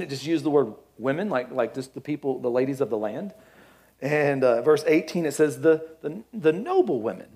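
Jokey man teaching scripture. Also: fairly high pitch. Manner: conversational, jokey asides, stumbles over names; reads scripture aloud, then paraphrases. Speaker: Bible teacher. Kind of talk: casual Bible teaching with reading.

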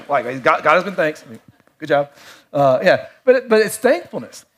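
A middle-aged man preaching a sermon in a conversational way, with playful asides and quiet, reflective stretches. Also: fairly high pitch, animated, a little fast. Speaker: pastor.

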